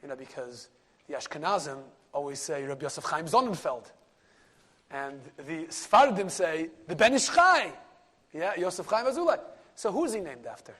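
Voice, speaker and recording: Rabbi, lively storyteller, somewhat high voice, hushes for the punchline. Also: male voice, normal speed. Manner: animated storyteller, sprinkles Yiddish and Hebrew words, drops to a hush for key moments. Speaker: rabbi and lecturer. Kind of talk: storytelling Torah class.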